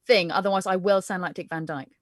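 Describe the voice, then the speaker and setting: A woman's voice: lowish voice, fairly even intonation, fast talker, dry recording, clean studio sound. A woman actor from South Essex who speaks in a trained Received Pronunciation accent, chatting in a polished, self-mocking way on a video call. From South Essex, England. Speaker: actor and guest. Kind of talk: casual chat.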